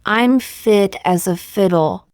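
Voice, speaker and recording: A woman reading short example sentences one by one for English learners, in a slow, deliberate, evenly paced way. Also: mid-range voice, a little mellow, clean tone, no echo, studio quality. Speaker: English teacher.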